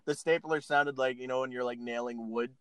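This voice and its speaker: A man's voice: mid-range voice, fairly even intonation, brisk, music in the background. A man casually retelling a film scene by scene, laughing often and acting out the characters' lines. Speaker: podcast co-host recapping a film. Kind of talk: casual chat.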